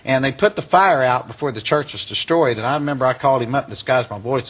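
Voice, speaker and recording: A man, a former Klansman turned preacher, telling his testimony to an audience in a folksy, animated way. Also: medium pitch, quick pace, few pauses, breathy edge. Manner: folksy, animated, drawling storyteller.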